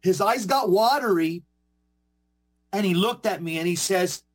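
A man who speaks at Catholic events, telling a story in an earnest, halting way with many restarts. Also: high-pitched. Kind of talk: storytelling in casual talk.

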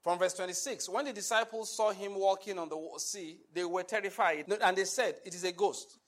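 A man's voice: high voice, fairly even intonation, a little fast, fairly bright tone. A man preaching a sermon, emphatic and full of rhetorical questions to the congregation. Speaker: pastor.

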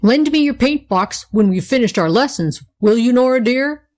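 A woman's voice: fairly high pitch, expressive, moderate pace, darkish tone, voice pushed up, close to an everyday voice. A woman reading an audiobook voices Wilfred, a smug boy of nearly nine, in a teasing, matter-of-fact way.

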